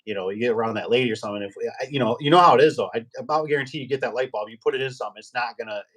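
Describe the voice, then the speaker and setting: A man's voice: mid-range voice, racing. Middle-aged man, casual guest on a trade chat show; rambling storyteller who acts out dialogue. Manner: rambling, animated anecdotes with acted-out quotes. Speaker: guest, garage door business owner.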